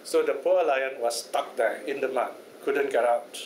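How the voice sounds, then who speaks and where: A man's voice: mid-range voice, unhurried. Guy teaching a buddhist study class, tells the story chatty, keeps checking in, echoey room faint hiss. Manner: conversational, checks in with listeners often.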